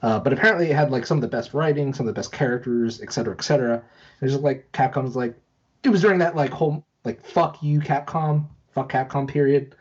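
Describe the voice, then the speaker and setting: A man co-hosting a casual gaming podcast, animated and laughing easily, with some swearing. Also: medium pitch, fast talker, husky. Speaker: podcast co-host. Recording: dull lo-fi podcast audio.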